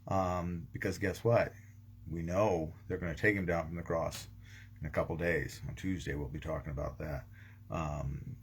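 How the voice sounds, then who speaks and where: A man's voice: low voice, fairly even intonation, unhurried. A man, a pastor, giving a casual daily devotional talk, rambling with frequent ums and restarts. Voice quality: gravelly, husky.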